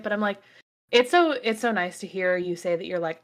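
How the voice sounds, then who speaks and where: A woman's voice: mid-range voice, fairly quick. A woman hosting a book podcast in casual chat, who acts out other people's remarks as she talks. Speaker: podcast host.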